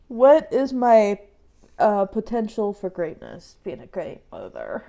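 Slow, emotional young woman tarot vlogger. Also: mid-range voice, wildly swooping pitch, vocal fry, warm tone. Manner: emotional, sighing and laughing through tears. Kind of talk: casual self-reading vlog.

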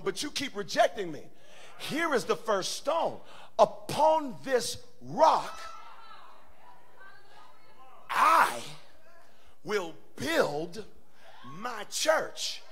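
Male pastor, high and very expressive voice, preaching in a church, quiet stretches building to shouts. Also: takes it slowly, slightly rough. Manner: animated preaching, swings from soft to shouting. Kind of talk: sermon. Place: church sanctuary.

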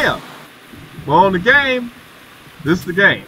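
Bright-voiced man streaming from his truck. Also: medium pitch, measured pace, long pauses, recorded from a distance, a little hiss or hum, rough recording. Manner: chatty, addresses viewers as y'all, excited exclamations. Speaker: livestreamer. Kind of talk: casual gameplay commentary. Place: inside his truck cab.

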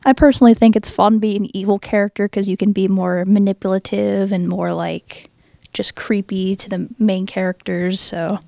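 A high school girl speaks in a mellow tone with lots of vocal fry. She answers casually and trails off at the ends, and the sound is dry. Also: little pitch movement, normal speed, no room sound. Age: teens. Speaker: high school student actor.

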